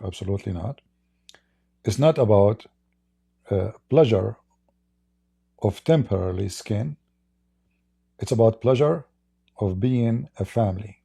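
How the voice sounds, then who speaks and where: A man's voice: lowish voice, gravelly, dark tone, slightly rough. A man with an Arabic accent hosting live-stream debate commentary, emphatic and full of rhetorical questions to his audience. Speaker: Christian apologist host.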